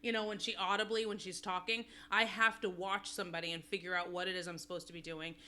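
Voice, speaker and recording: A woman's voice: lowish voice, flat delivery, fast talker, bright, forceful tone. A woman co-hosting a podcast, chatting candidly and rambling in a self-deprecating way. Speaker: podcast co-host. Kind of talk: casual chat.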